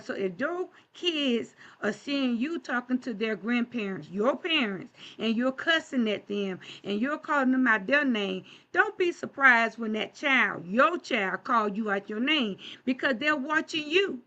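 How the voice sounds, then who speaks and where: Woman preacher, conversational sermon, bright tone, muffled streamed sound. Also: on the high side, expressive, measured pace, hardly any pauses. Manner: conversational, plain-spoken preaching with rhetorical questions. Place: church.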